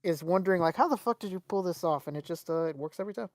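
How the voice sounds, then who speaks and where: A young man co-hosting a podcast tells a story in casual chat, swearing freely and animatedly acting out what people said. His voice is high-pitched and rapid-fire, with no room sound.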